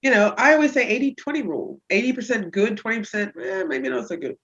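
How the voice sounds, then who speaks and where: A woman chiropractor talking about her patients as a guest on a casual podcast interview, telling stories with lively energy. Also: fast, highs cut off. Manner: lively storyteller who acts out patients in high voices.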